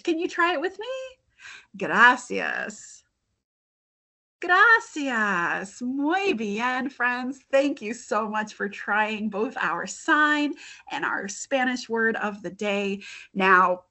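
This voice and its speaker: Woman host of a library story time. Slow and expressive, bright voice. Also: on the high side. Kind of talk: reading a picture book aloud to children.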